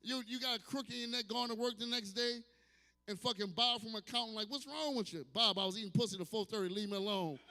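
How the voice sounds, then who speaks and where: A stand-up comedian in his fifties from New Orleans, USA, performs a set at a distillery bar before a live audience, and the club room adds hall reverb. His voice sits high, with fairly even intonation and a quick pace. He is loud, brash and profane, breaking into sudden shouts and acted asides.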